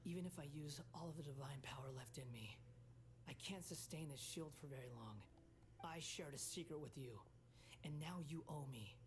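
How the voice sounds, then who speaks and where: A voice actor playing an aloof, sardonic young male puppet-god in a game, speaking in a cool, clipped, soft-spoken way. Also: a little high, normal speed, noisy background, natural voice. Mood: tired. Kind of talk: game cutscene dialogue.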